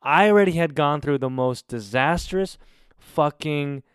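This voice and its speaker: Animated, profane young man. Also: on the high side, unhurried, clean tone, dry recording, studio quality. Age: 20s. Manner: animated, profane, exasperated retelling. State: recovering from covid. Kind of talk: casual storytelling to camera.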